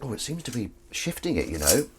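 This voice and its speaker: A man's voice: mid-range voice, big pitch swings, fairly quick. An English man hosting a casual livestream, reading viewers' messages aloud and joking in a playful, rambling way. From England. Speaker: livestream host reading chat. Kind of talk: casual chat while washing up. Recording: dish clatter and noise behind. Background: clattering dishes and cutlery.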